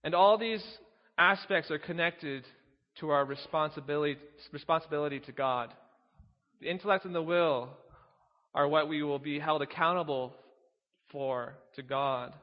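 A man's voice: fairly high pitch, normal speed, in a large hall, muffled recording. A man preaching a sermon, teaching earnestly, reading scripture aloud and posing rhetorical questions.

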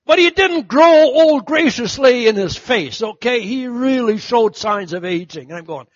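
A middle-aged man preaching a sermon, telling stories and acting out the voices of the people in them, swinging from loud to hushed. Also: very high voice, animated, unhurried, few pauses, no room sound, muffled recording. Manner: storytelling, acts out quoted voices, big swings from loud to hushed. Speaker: pastor.

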